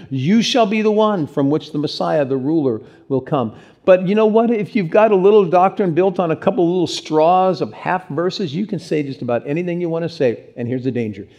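A man preaches to his congregation with lively, conversational energy. His voice sits fairly high for a man. He keeps throwing questions out to the people in the pews. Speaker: pastor. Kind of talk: sermon.

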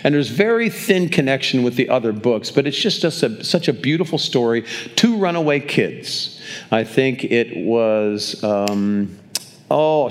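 Older man preaching conversationally. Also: medium pitch. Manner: conversational storytelling, repeats words as he restarts. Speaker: pastor. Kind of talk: sermon. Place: church, speaking to a congregation.

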